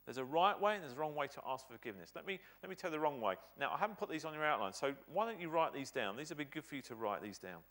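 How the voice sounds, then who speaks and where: A British man delivers a sermon from the pulpit, his voice sitting a little high and swinging widely in pitch. He drives points home by repeating short phrases with emphasis. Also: sing-song, rapid-fire, hardly any pauses, a bit bright. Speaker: pastor.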